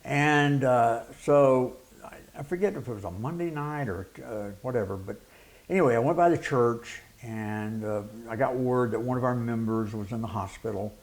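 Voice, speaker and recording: This middle-aged man, a preacher who used to wrestle, is a guest in an interview telling a lively anecdote. He acts out the quotes and laughs along the way. His voice is medium in pitch and his speed is normal.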